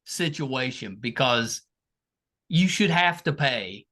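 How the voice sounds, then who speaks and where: Lively joking male podcast host. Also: mid-range voice, takes it slowly. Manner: lively, joking, laughs easily. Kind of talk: casual interview chat.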